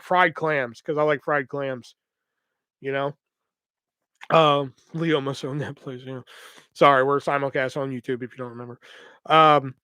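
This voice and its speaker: A man's voice: fairly high pitch, a bit bright, clear, resonant tone, no echo. Rambling, profane young man. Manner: rambling, profane, lots of fillers. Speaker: podcast host. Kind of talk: casual storytelling.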